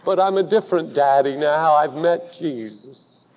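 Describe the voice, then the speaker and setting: A man's voice: on the high side, a little slow, close to an everyday voice. A man acting out a repentant father pleading with his wife in an emotional voice. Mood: tender. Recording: dull recording with long hall reverb.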